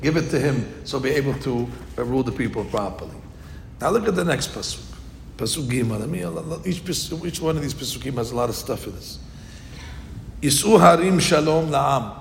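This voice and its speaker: A man giving an informal Torah class, telling the story lively acted-out voices. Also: mid-range voice, fast, vocal fry. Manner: animated storytelling, acting out quoted voices. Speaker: Torah teacher. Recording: echoey hall with faint noise.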